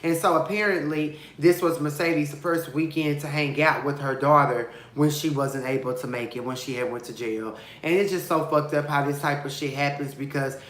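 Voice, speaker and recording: A man's voice: moderate pace, few pauses. Sassy, dramatic man in an echoey room. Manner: dramatic, sassy and expressive, with big swings of pitch and loudness; gossipy and blunt, with slang and profanity. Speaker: TV show reviewer. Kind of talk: casual vlog episode review.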